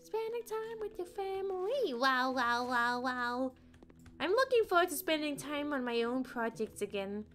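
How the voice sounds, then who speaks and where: High, sing-song woman streamer. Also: sing-song, a little slow, a bit bright, faint music behind. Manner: playful, rambling, sings little ditties. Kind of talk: casual gameplay chat.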